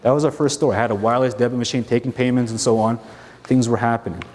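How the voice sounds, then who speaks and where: Man, keynote speaker, lively storytelling, mid-pitched voice, long hall reverb. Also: quick pace, slight background noise. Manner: animated, acts out both sides of conversations; addresses the audience directly with questions. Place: large conference hall stage.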